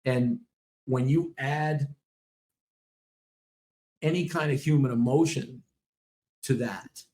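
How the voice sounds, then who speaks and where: A man co-hosting a podcast about dog training, talking in animated, casual chat with a lot of swearing and quick acted-out voices. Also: mid-range voice.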